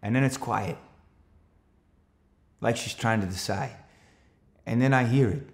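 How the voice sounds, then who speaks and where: An anxious, defensive countryman tells his story in a mid-pitched voice, played by a man in a stage monologue. He talks earnestly and keeps justifying himself, and his voice swells into sharp, urgent calls at the tense moments. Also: unhurried, vocal fry. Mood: troubled. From Australia. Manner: earnest, rising to urgent shouts when retelling the chase. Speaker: actor performing a stage monologue. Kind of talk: theatrical monologue.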